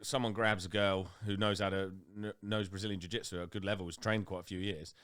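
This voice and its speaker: A man's voice: level tone, fast, fairly bright tone, smooth. A young man co-hosting a podcast, blunt and sweary in casual chat. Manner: blunt and sweary, jumps to high-pitched impressions. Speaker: podcast co-host.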